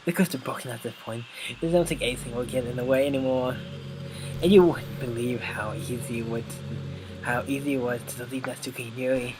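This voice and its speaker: A man voicing an obsessive, lovestruck young woman from a video game in a soft, slightly menacing tone, with game music behind. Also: medium pitch, steady tone, fairly quick, lightly acted, low-quality recording. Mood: wistful. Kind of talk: reading game dialogue aloud.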